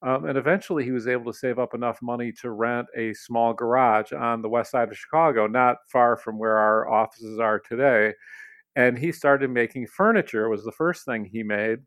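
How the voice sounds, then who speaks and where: A man being interviewed, telling a family story in a relaxed way, with many fillers and restarts. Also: medium pitch, moderate pace, no room sound. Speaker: interview guest, company leader. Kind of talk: conversational storytelling.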